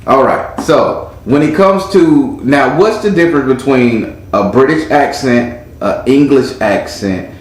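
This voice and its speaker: A man's voice: medium pitch, animated, a little slow. A man hosting a casual live tarot reading, talking informally and calling on spirit as he reads the cards. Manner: chatty and informal, calls on spirit. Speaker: tarot reader and host. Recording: very echoey room with faint noise.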